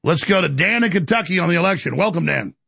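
A male talk-radio host with a heavily gravelly, husky voice that swings widely in pitch. He sounds forceful and exasperated. The sound is dry and close to the mic. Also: lively intonation, fast talker, dry recording. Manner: forceful, exasperated, and prone to dramatic recitation.

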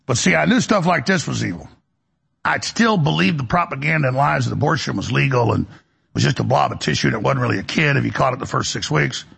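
A middle-aged male radio host with a gravelly, raspy voice, delivering a preachy, impassioned monologue and acting out the voices he quotes. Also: mid-range voice, animated, fast talker, fairly bright tone.

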